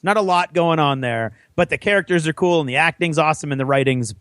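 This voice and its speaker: A man's voice: on the high side, fast talker, a bit bright, clear, resonant tone, no room sound. A man co-hosting a podcast, telling a long story in casual chat with rambling enthusiasm. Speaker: podcast co-host.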